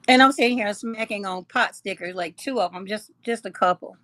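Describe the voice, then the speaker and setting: A woman's voice: medium pitch, fairly bright tone, dry recording. A woman hosting a casual live chat, reading comments aloud, teasing her viewers and laughing often. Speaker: livestream host.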